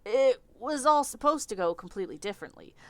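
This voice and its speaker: A woman's voice: on the high side, lively intonation, brisk, fairly bright tone, dry recording, voice pushed up. A woman doing a stammering Southern demon guy. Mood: flustered. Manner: stammering, flustered. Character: nervous awkward young male demon with hooves.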